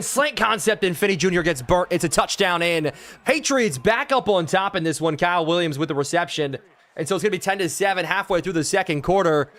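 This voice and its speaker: Brief: young male streamer, slightly high voice, excitable play-by-play, worn-out voice, chats with viewers. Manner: excitable, talks to chat, play-by-play calls. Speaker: gaming streamer. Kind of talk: live-streamed video game play-by-play.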